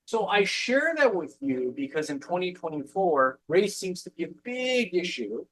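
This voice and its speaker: A man's voice: high voice, very animated, normal speed, fairly bright tone. A man who serves on a city council, giving an earnest, emphatic speech to a meeting, repeating his points for effect. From came to America as an immigrant. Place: meeting hall.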